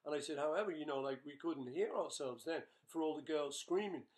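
A man's voice: on the high side, brisk, darkish tone. An older man, a rock musician, chatting casually with his bandmates in a webchat, joking and rambling with plenty of fillers. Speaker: rock musician answering fan questions.

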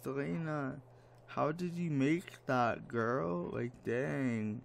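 A man's voice: mid-range voice, slow pace, gravelly, loud music behind the voice. A man giving casual commentary while playing a life-sim game, exasperated and dramatic, mock-scolding the characters. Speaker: let's play gamer. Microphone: desk microphone.

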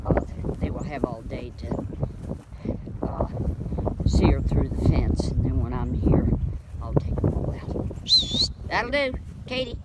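A man's voice: medium pitch, very noisy. A man with a Southern US accent giving a rambling, casual farm vlog outdoors, calling out to his dogs and chuckling now and then. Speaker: dog breeder and farmer. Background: dogs and outdoor farm sounds.

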